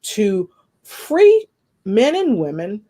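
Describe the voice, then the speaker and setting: A woman guest sharing a personal testimony in conversation, earnest and expressive, with faith woven through her talk. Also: mid-range voice, very slow, slightly rough. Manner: earnest, expressive storytelling with spiritual references.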